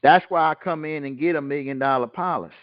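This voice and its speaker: A man with a slightly high voice hosts a group call, teaching in a blunt, colloquial way and speaking fast. He fires rhetorical questions at his listeners and answers them himself. The recording is dry and the audio sounds dull.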